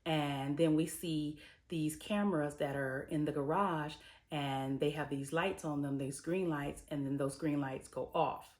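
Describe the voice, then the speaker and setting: A female host who reviews TV retells an episode as an energetic story, full of colloquial slang, voicing the characters as she quotes them. Her voice is low and her delivery measured.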